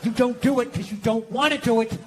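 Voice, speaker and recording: An American man doing stand-up comedy, ranting loudly and swearing a lot. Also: extremely high pitch, a little fast, faint music behind, some chatter behind. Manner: loud, ranting, profane.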